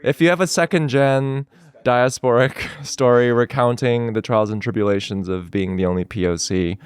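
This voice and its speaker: A man's voice: medium pitch, moderate pace, clean tone, no room sound. A young man co-hosting a podcast, teasing with dry jokes and laughing easily in casual banter, close to the mic. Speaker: podcast co-host.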